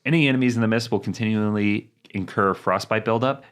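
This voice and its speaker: Male podcast co-host with a very low voice; reads game text with fillers, relaxed banter. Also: fast talker, smooth. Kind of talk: casual chat, reading game descriptions.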